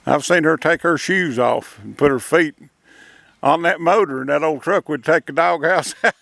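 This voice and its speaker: An older man with a drawl tells logging stories in an easy, chuckling way. His voice is gravelly and a touch high, recorded dry and close. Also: normal speed, fairly bright tone, dry recording. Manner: drawling rural storyteller, chuckling. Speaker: retired logger and sawmill owner. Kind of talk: casual storytelling.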